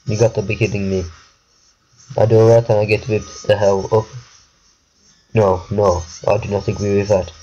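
A man's voice: lowish voice, level tone, moderate pace, long pauses, dark tone, husky, dull audio. A young man giving casual gameplay commentary, jumpy and muttering, exclaiming when scared. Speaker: gaming video creator.

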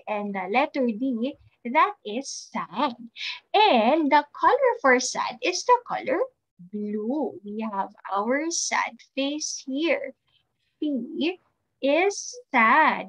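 Slow sing-song preschool teacher woman. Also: sits high, fairly bright tone, muffled recording. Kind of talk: recorded class lesson for young children.

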